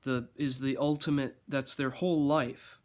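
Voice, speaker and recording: A man telling a story in a casual rambling monologue, sarcastic and mock-grandiose, halting often to restart his sentences. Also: mid-range voice, little pitch movement.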